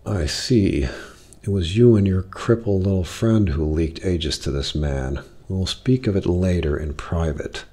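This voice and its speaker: Commanding, formal rich father, voiced by a man, measured and stiff, low and husky. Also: warm tone. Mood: stern. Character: formal, commanding wealthy older father and magnate.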